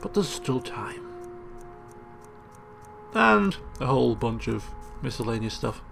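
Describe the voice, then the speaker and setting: A man's voice: medium pitch, sing-song, slow pace, gravelly, a bit bright. A man giving chatty, joking commentary as he plays a video game. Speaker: let's play host. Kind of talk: casual gameplay commentary. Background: game music.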